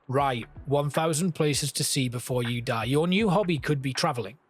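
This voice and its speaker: A man's voice: medium pitch, moderate pace, husky, soft background music. A man giving casual gameplay commentary, chatting and thinking aloud as he plays and reads game text.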